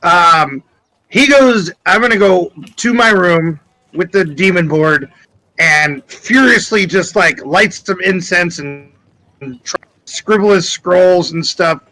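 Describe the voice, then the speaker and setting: A man playing a tabletop game, excitable and swearing, slipping in and out of character. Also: high-pitched, takes it slowly, rough recording. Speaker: player. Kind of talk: tabletop role-play banter.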